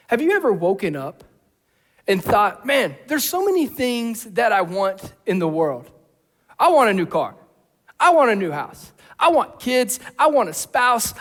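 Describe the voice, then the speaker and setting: A man preaching a sermon, acting out voices, going from shouts to hushed tones. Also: sits high. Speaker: pastor. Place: church hall. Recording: long hall reverb.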